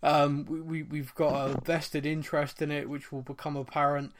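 A man's voice: a little high, level tone, moderate pace, slight background noise. A man from England hosting a casual sports podcast, chatty and laughing often. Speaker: podcast host. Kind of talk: casual chat.

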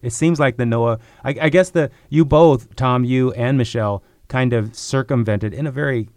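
Halting male podcast host probing. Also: mid-range voice, a little mellow, no room sound, clean studio sound. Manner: halting, restarting, probing questions. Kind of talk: interview questions.

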